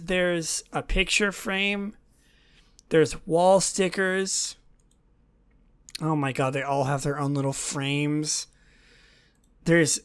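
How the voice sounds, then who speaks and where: A woman hosting a solo podcast, chatting in a gushing, excitable way that often drops into soft whispers. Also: on the low side, clear, resonant tone. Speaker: podcast host.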